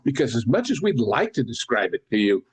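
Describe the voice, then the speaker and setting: A man's voice: mid-range voice, sing-song, brisk, husky. A man co-hosting a podcast, chatting casually about films in long, rambling anecdotes full of asides. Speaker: podcast co-host. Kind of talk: casual film discussion.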